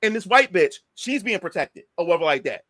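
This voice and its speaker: Man, casual storytelling, profane, animated, does the quotes, dry room. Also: sits high, brisk, dry recording. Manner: animated, profane retelling of a confrontation, acting out quotes. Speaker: podcast guest.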